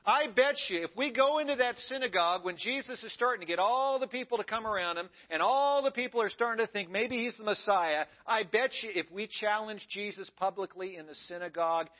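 A man's voice: high-pitched, brisk, hardly any pauses, natural voice. A man voicing a scheming male devil who boasts to his demons in a taunting manner, on a dull lo-fi recording. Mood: scheming, boastful.

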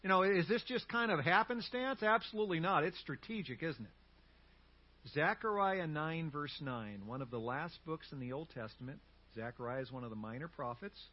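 Animated male pastor preaching. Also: a little high, normal speed, dull audio. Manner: animated, leads call-and-response. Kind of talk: sermon. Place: church sanctuary.

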